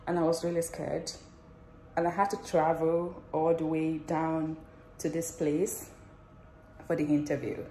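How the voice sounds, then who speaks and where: A woman nurse in a casual vlog, sharing her news excitedly and laughing often as she talks straight to her viewers. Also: low-pitched, a little slow, long pauses, a little hiss or hum. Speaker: nurse and theatre manager.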